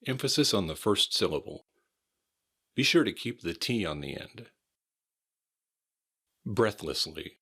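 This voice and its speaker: Deep american guy drilling pronunciation super slow, bright clear tone. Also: expressive. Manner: slow, deliberate, repeats and spells words out. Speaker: pronunciation teacher.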